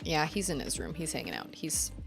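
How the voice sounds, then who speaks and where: A woman in her thirties chatting casually as she streams a video game, chatty and quick to giggle. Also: low-pitched, big pitch swings, vocal fry. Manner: chatty, giggly, talks to chat. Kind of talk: casual gameplay chat. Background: game music.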